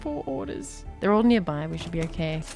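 Young woman, lively sing-song voice, giggly game commentary, music playing underneath. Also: lowish voice, a little fast, vocal fry. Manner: giggly, excitable, chatty with gasps and squeals. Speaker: gaming YouTuber.

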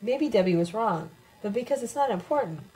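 A woman reading a calm, dreamy male mystic. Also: medium pitch, fairly quick, lightly acted, low-quality recording. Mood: serene.

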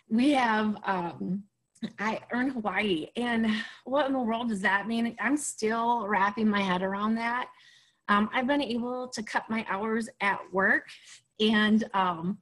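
A woman in her thirties with an Upper Peninsula Michigan accent, chatting casually about her business, rambling with lots of ums and self-deprecating humor. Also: mid-range voice. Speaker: guest sharing her business story. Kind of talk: casual testimonial chat.

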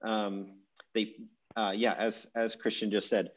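A man teaching an online language class over a video call, talking in a relaxed, rambling way with fillers and restarts. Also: on the low side, measured pace. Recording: dull lo-fi video call audio.

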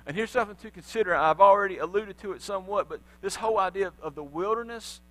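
A man preaches in church, retelling the story with energy and slipping into the voices of its people. His voice sits high and rings bright. A faint electrical hum runs under the recording. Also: quick pace, rough recording. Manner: animated storytelling, acting out voices of biblical figures. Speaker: pastor. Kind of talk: sermon. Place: church sanctuary.

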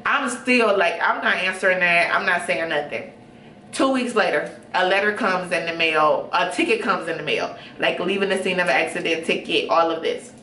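A young woman telling a story casually, chatty and animated with lots of fillers. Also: medium pitch, moderate pace, recorded from a distance, a little hiss or hum. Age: young adult. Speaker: vlogger. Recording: roomy room, off-mic.

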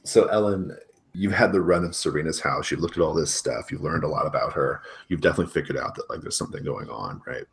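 Brief: low-voiced man running a tabletop game, casual, lots of "like". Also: quick pace, vocal fry. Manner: casual, filler-heavy, laughs a lot. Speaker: game master.

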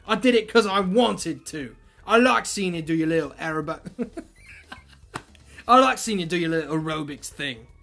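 A man voicing a gruff, hot-tempered male mercenary boss who barks out loud threats. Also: on the high side, animated, normal speed, heavily acted. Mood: mocking.

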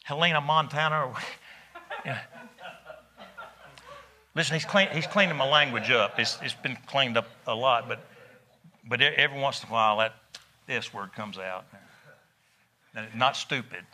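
A middle-aged man, preaching a sermon in a folksy, animated storytelling way. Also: medium pitch, moderate pace, long pauses, slight background noise. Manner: folksy, animated storytelling with laughs and rising emphasis.

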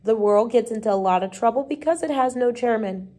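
A woman reading the part of a small, brisk, bossy male schoolteacher in a storybook, speaking crisply and dismissively. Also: on the high side, warm tone, natural voice.

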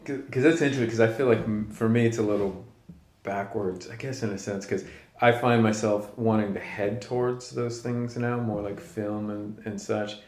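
A male podcast host with a somewhat low voice asks curious, winding questions that circle back on themselves. The recording sounds roomy and echoey. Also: steady tone, normal speed, darkish tone. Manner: curious, rambling questions with restarts. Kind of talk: casual interview conversation.

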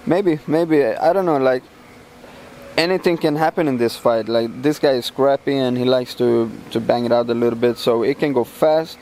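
Male fighter, mid pitch, halting casual interview answers, faint background hum. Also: a little mellow. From Sweden. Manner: halting, many fillers and restarts. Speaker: MMA fighter, champion.

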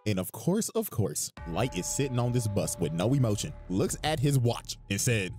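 A man narrating a crude, comedic story recap with animated storytelling. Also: mid-range voice, moderate pace, few pauses. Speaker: video narrator. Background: music.

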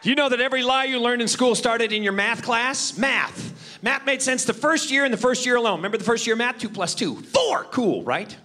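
A man's voice: very high-pitched, expressive, brisk, bright, forceful tone. A man doing a stand-up comedy routine, punchy and exclamatory, laughing at his own jokes.

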